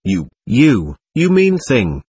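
A stubborn, sulky little ghost girl, defiant and quick to stamp her feet, as a male reader puts her on. The voice is husky and lively in pitch, recorded close and dry with no room around it. It comes from a spoken-word reading of a seance account. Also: no echo, full character voice. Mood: defiant, sulking. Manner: petulant, defiant. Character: angry spirit of a young girl, willful and stamping.

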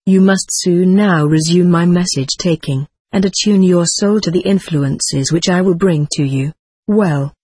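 A solemn, commanding male spirit, read aloud by a narrator in a steady, formal cadence. The voice is slightly husky. The recording is close and dry. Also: mid-range voice, no echo. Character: Jesus, solemn male spirit speaking with authority. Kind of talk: reading channeled spirit letters aloud.

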